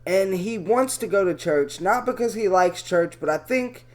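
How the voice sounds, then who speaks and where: A man's voice: high voice, animated, normal speed. A man giving profane, rambling commentary as he reads out chat logs, ranting and correcting himself as he goes.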